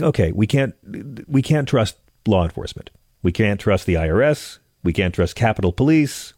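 A man hosting a political talk show, delivering a sarcastic, animated monologue. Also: lowish voice, no room sound, studio quality. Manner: sarcastic, animated ranting with rising exasperation. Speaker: host.

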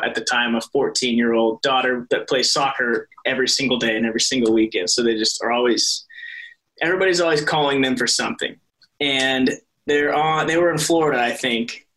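A young adult man, a soap opera actor guesting on a casual interview, rambles through his stories, correcting himself, restarting and laughing often. He has a mid-range voice with a fairly bright tone, captured in poor audio.

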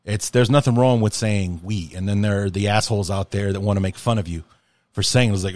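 Man, podcast host, lowish voice, dry close sound, casual rant, impassioned, rambling, swears. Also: a little fast, darkish tone, dry recording.

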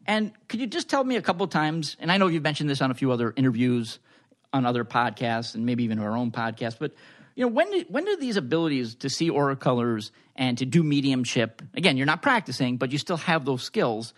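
A man's voice: medium pitch, big pitch swings, a little fast. A man co-hosting a podcast, asking questions in a casual, joking way. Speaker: podcast co-host and interviewer.

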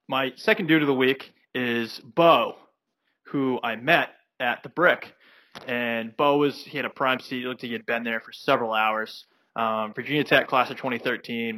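A man's voice: mid-range voice, pushed and bright, no echo, low-quality recording. A man from South Carolina co-hosting a casual sports podcast, telling rambling stories with many "you know"s and restarts. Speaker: podcast co-host.

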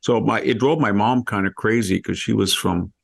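A man's voice: lowish voice, normal speed, vocal fry. A man hosting a podcast, telling rambling anecdotes in casual conversation and often breaking off mid-word. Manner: rambling anecdotes, self-interrupting. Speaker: podcast host.

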